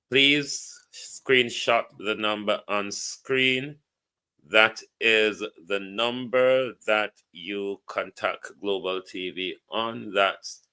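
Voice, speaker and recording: A man's voice: fairly low pitch, sharp tone, smooth. A man with a Jamaican accent hosting a casual live stream, greeting viewers by name and reading out a contact number. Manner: reads out viewer names and a phone number, chats loosely. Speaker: livestream host. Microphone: phone or computer mic on a live stream.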